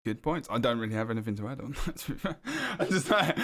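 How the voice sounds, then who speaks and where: A man's voice: medium pitch, lively intonation, fast talker, fairly bright tone. A young man hosting a gaming podcast, playful and teasing, laughing a lot. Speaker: podcast host. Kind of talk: casual podcast chat.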